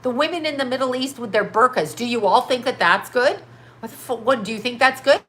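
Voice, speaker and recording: A woman's voice: fairly high pitch, fairly bright tone, slight background noise. Emphatic woman in her fifties ranting. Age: 50s. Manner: emphatic, profane, rapid-fire rhetorical questions. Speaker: livestream host. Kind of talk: impassioned livestream rant.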